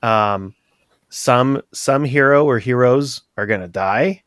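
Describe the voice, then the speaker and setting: A man's voice: medium pitch, takes it slowly, fairly bright tone, clear, resonant tone, no echo, studio quality. A man chatting casually with castmates in a group recap, laughing often and restarting sentences.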